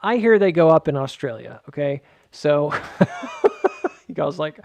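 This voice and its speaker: A man's voice: a little high, big pitch swings, a little slow, gravelly, darkish tone, no echo. A man casually walking through stock charts, rambling with joking asides and lots of filler words. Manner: filler-heavy, many "like"s. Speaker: market charting host.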